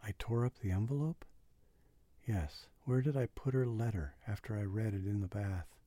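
A man reading a literary novel aloud as an audiobook, in a slow, measured, unhurried way, close to the mic. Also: on the low side, mellow, dry recording. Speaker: audiobook reader.

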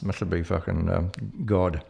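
A man's voice: sits low, level tone, normal speed, creaky, mellow, slightly rough. A man telling a rambling, sweary story in casual chat.

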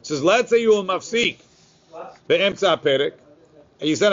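A man teaching a Talmud class, reading the source text quickly and then explaining it in a casual way. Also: fairly high pitch, expressive, fairly bright tone. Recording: lo-fi, muffled recording.

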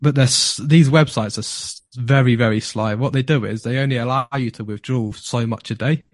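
A man, a podcast guest telling a story in a casual, animated way, laughing often and repeating words when excited. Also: mid-range voice, a little fast, no room sound, clean studio sound.

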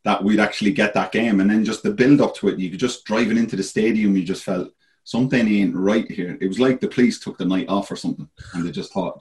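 A very low-voiced Irish man, a former goalkeeper, talks as a guest. He tells his stories in a rambling, casual way and leans on fillers like "you know.". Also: fairly even intonation, fairly quick, a little mellow. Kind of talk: casual storytelling.

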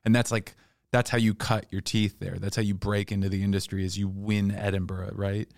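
A deep-voiced man chatting casually on a podcast, rambling from one thought to the next. His voice sits low and sounds dry and close, with an easy, profane delivery. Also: flat delivery, brisk, vocal fry, darkish tone, dry recording. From United States. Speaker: comedian guest.

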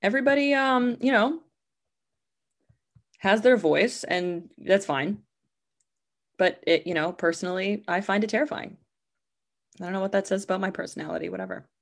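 A young woman hosts her own podcast and rambles through a casual story. She has a slightly low voice and fills her sentences with "like." Her delivery is loose, candid and conversational. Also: moderate pace, gravelly. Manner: rambling, chatty, heavy use of "like" fillers. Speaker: podcast host.

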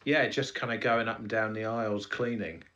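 A man, a comedy podcast co-host speaking in casual chat with deadpan, earnest asides. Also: fairly low pitch, fairly quick, muffled recording.

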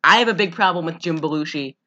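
A woman co-hosting a casual podcast, with a bright, forward voice. She is sarcastic and quick to swear, often sounds exasperated, and laughs a lot. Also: sits low, lo-fi sound. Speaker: podcast co-host. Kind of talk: casual movie-recap podcast chat.

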